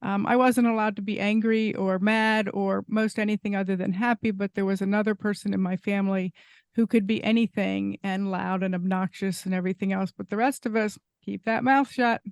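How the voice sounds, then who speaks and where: A woman hosting an interview podcast, speaking thoughtfully and a little haltingly with fillers. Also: mid-range voice, fairly even intonation, clear, resonant tone, no room sound, clean studio sound. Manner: thoughtful, hesitant, slow, with fillers. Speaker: podcast host. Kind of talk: conversational interview.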